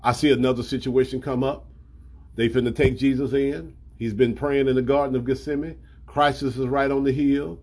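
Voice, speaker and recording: A man's voice: medium pitch, level tone, moderate pace, darkish tone. A man preaching a sermon in a colloquial, emphatic way, acting out scripture.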